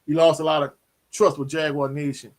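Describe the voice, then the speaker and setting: Man, live stream host, casual chat, slangy, animated, slightly high voice. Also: brisk. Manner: animated, slangy, repeats "you know what I'm saying". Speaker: sports talk host.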